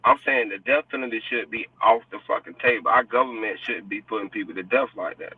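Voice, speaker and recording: A man's voice: on the low side, fast talker, husky. A man in a heated casual debate, blunt and profane, insisting on his point and repeating himself. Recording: distant, dry, phone-like sound.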